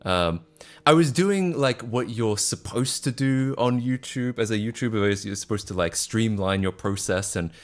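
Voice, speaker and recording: This twenty-something Australian streamer has a fairly low voice, lively intonation and a moderate pace. He chats loosely on his livestream, wandering with lots of fillers and restarts. His accent is a mix of Australian, British and North American.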